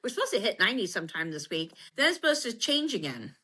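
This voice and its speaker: A woman co-hosting a podcast in casual chat, telling stories in a lively way. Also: medium pitch, fast talker, husky. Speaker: podcast co-host.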